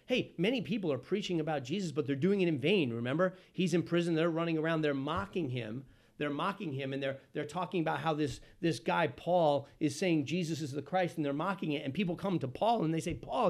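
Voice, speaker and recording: A man preaching a sermon as pastor, asking the congregation questions and swinging from loud exclamations to hushed asides. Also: on the high side.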